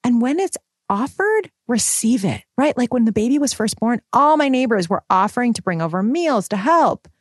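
Thirties woman vlogger, animated and chatty, husky tone, dry recording. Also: on the high side, moderate pace, no room sound. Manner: animated, expressive, swings between excited and soft. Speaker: mom vlogger and women's coach. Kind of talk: casual personal vlog.

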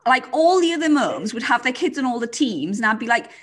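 A woman's voice: fairly high pitch, very animated, brisk, noisy background. A woman hosting a casual chat, chatty and laughing often, with lots of "like" and some swearing. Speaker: podcast host.

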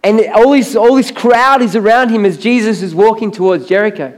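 High-voiced pastor preaching. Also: male voice, a little fast. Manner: animated storytelling, acting out Bible characters' voices. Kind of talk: sermon. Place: church stage.

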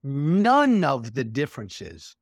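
Male guest, middle pitch, blunt and profane, dry close sound. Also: wildly swooping pitch, slow, dry recording. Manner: blunt, profane, laughs often. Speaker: political commentator guest. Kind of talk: casual political chat.

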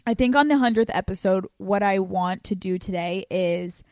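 Young woman podcast host, brash, profane and excitable; mid-range voice, dry close sound. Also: mid-range voice, moderate pace, no room sound. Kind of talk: casual podcast chat.

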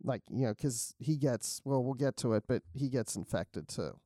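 A man's voice: medium pitch, animated, normal speed, warm tone, dry recording, studio quality. A man co-hosting a podcast, talking over a comic in easygoing, agreeable chat. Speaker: podcast co-host. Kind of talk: casual chat reviewing a comic.

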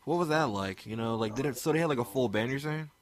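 A man's voice: mid-range voice, fast. A man from Maryland hosting a casual chat, laid-back and profane, filling his talk with "you know". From Maryland, USA.

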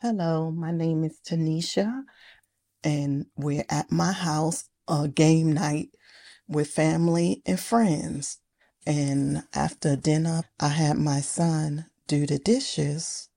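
A mother tells a family story slowly and plainly. Her voice is very low, mellow, and gravelly. She gives each part of the story room. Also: fairly even intonation. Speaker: listener sending a voice memo. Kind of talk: recorded personal story.

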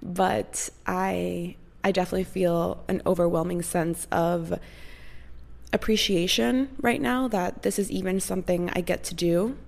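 Young woman, vlogger, casual storytime chat, gushing and rambly, vocal fry. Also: fairly low pitch, fairly even intonation, unhurried, darkish tone. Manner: chatty, gushing, rambling with many fillers.

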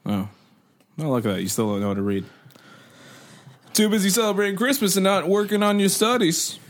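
A man's voice: high-pitched, lively intonation, fairly quick. A young man co-hosting a podcast, joking and teasing in casual chat and retelling a comedy bit with impressions. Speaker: podcast co-host.

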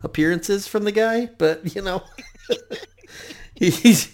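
A man's voice: sits high, takes it slowly, a little mellow. A man co-hosting a podcast in casual chat, joking and laughing often as he talks. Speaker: podcast co-host.

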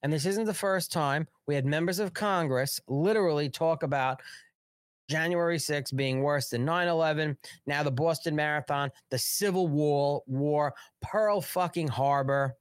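A man's voice: on the high side, moderate pace, clean tone, dry recording, clean studio sound. A man in his forties hosting a live political show, talking in an unfiltered, profane and angry rant. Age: 40s. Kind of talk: live online political commentary.

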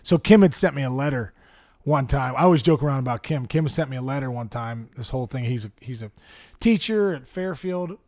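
A middle-aged man telling stories in a casual chat, animated, acting out the people in them and laughing often. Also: mid-range voice, brisk. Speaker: guest storyteller. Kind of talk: casual storytelling.

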